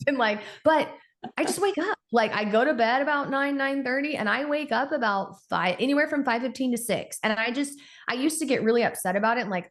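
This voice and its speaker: A woman in her forties, an endocrinologist guest on a podcast, telling stories in an animated, conversational way. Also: a little high, fast. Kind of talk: casual podcast interview.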